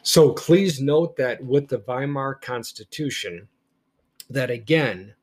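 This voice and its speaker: Male history teacher, deliberate lecture delivery, stresses important words. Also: mid-range voice. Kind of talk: lecture-style podcast.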